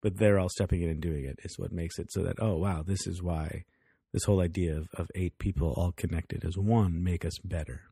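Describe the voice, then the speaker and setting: Low husky-voiced man, chatty and laughing. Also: fairly even intonation, a little fast, warm tone, no room sound, clean studio sound. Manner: laughs often, acts out characters' lines. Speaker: podcast co-host. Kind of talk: casual TV review chat.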